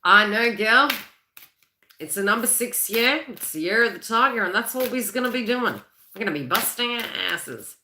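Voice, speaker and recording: A woman's voice: mid-range voice, background noise. A woman from Australia hosting a live psychic reading, chatty and rambling, laughing often as she talks. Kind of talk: live-stream tarot and astrology reading. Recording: echoey room.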